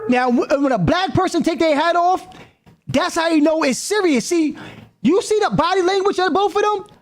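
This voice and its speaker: A man giving animated reaction commentary on a live stream, repeating himself and calling out. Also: extremely high pitch, normal speed, faint music behind.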